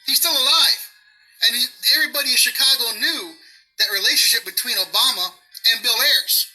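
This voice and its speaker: A furious man rants with a very high, piercing voice, swearing heavily and hammering his points home through repetition. Faint music hangs behind him. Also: brisk, pushed and bright, low-quality recording. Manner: heavy swearing, emphatic and repetitive. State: pissed off. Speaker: vlogger. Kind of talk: angry political rant. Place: outdoors near grass.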